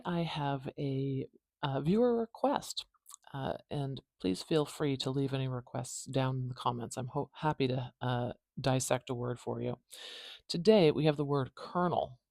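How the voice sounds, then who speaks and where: A woman with a North American accent hosting a phonetics lesson, explaining clearly and modeling pronunciations aloud. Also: extremely low pitch, a little mellow, dry recording, clean studio sound. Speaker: phonetics teacher, channel host.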